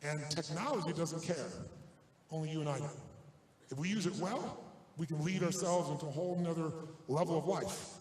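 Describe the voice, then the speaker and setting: Intense, high-pitched man addressing a hall. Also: moderate pace, darkish tone. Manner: intense, emphatic, punchy repetition. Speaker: motivational speaker. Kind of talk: seminar storytelling to a live audience. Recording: roomy hall with faint noise.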